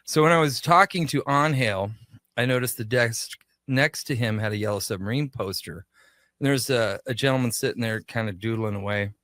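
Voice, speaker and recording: Bright-voiced man telling a story. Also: medium pitch, moderate pace, no echo, studio quality. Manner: animated, acts out quoted dialogue. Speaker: shop owner, guest. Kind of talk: casual storytelling interview.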